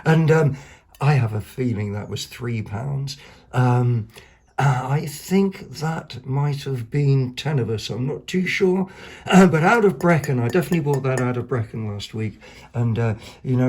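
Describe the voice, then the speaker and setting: A chatty man hosting a home vlog, his voice sitting at an ordinary middle pitch. He rambles excitedly through his finds, peppering his talk with ums and quick corrections. A faint background noise sits under the recording. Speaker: vlog host. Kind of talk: casual chat showing second-hand finds.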